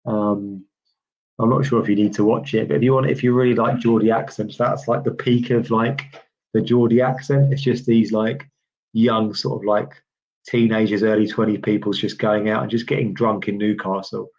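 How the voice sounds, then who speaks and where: A man's voice: fairly low pitch, fairly even intonation, normal speed, darkish tone. A man from the UK doing casual live tennis commentary, chatty and rambling as he answers viewer chat with lots of "um"s. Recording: slightly dull lo-fi stream audio.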